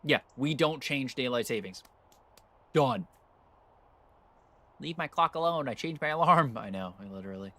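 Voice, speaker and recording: This American streamer games and chats casually, swearing freely and working himself up as he rants. He speaks at normal speed with frequent pauses, in a medium-pitched, lively, pushed, bright voice.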